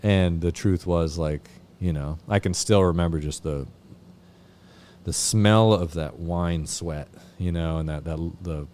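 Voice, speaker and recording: A man from Vermont, a podcast guest, telling his recovery story in a halting way with lots of fillers and swearing. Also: extremely low pitch, mellow, slight background noise. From Vermont, USA. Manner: halting, many fillers and restarts, frequent swearing. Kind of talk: candid personal recovery story.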